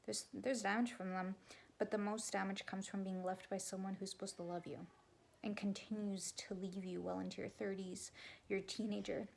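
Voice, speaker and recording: A woman's voice: medium pitch, gravelly, a little mellow. A young woman talking bluntly and candidly to camera, swearing freely and sometimes dropping to a whisper. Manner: raw and blunt, swears, drops to a whisper at times. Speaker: vlogger and spiritual coach. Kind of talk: candid confessional talk to camera.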